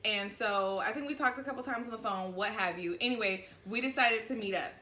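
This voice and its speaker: A woman from Southern California telling a story in a casual chat, animated and profane, acting out what people said. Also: mid-range voice, fairly quick, reverberant. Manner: animated, profane, acts out quoted lines.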